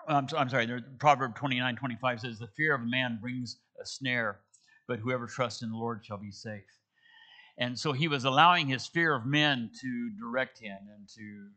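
Bright-voiced man preaching a Bible teaching. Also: medium pitch. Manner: paraphrases scripture in casual modern dialogue; conversational with frequent restarts. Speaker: pastor. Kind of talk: sermon, expository Bible teaching.

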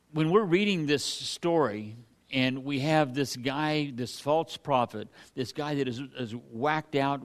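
A man preaching a casual sermon, reading scripture aloud between folksy, animated asides to his congregation. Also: medium pitch.

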